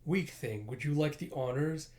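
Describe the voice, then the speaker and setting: A man's voice: fairly high pitch, moderate pace, mellow, natural voice. A man voicing a cruel witch queen villain. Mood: cold, scornful. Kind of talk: comic book read-aloud.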